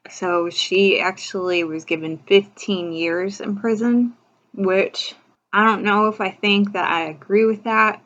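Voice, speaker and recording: A woman's voice: fairly low pitch, a bit bright. A woman hosting a casual true-crime commentary video, talking in a chatty, opinionated way and leaning on "like" and "you know". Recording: dull lo-fi recording.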